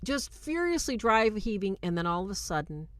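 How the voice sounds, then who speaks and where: A woman hosting a livestreamed film review, retelling scenes in an animated way and warmly thanking her viewers. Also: mid-range voice, normal speed, no room sound. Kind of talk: livestream commentary.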